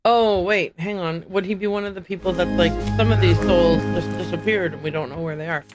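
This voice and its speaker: A woman's voice: on the low side, a little fast, soft background music, low-quality recording. A woman livestreaming a video game, chatting casually and thinking aloud as she works out the puzzle. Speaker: streamer playing a video game.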